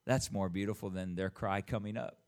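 A man, the pastor, giving church announcements and then preaching a sermon, leading call-and-response and reading scripture aloud slowly. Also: deep voice, fairly even intonation. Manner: reads scripture aloud in a slow, drawn-out voice.

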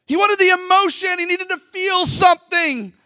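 A middle-aged male pastor preaching a Pentecostal sermon into a microphone in a church, talking conversationally and then swelling into loud, fervent bursts. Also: very high-pitched, normal speed, no room sound, clean studio sound. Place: church sanctuary. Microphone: handheld microphone at the pulpit.

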